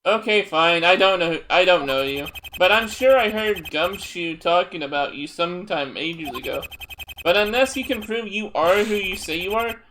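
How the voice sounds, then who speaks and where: A man voicing a brusque male police detective in a put-on British accent, gruff and dismissive, while reading a fan game aloud with voices. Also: high-pitched, lively intonation, normal speed, pushed and bright, a little hiss or hum.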